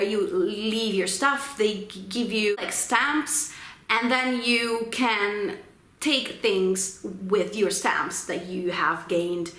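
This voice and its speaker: A young woman from Italy, speaking English as a second language with an Italian accent, chatting casually to camera. She pauses often with ums as she talks. Her voice sits at an ordinary middle pitch and carries a noticeable room echo. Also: a bit bright. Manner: chatty, hesitant with frequent ums. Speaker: book vlogger. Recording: roomy echo.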